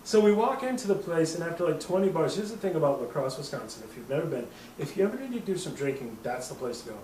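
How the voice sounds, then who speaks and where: A man's voice: a little high, sing-song, quick pace, dark tone, recorded from a distance, slight background noise. A man hosting a casual show, rambling through a drunken story with lots of swearing and laughter. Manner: rambling, profane, laughing at his own story. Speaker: host. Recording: roomy, off-mic with faint ambience.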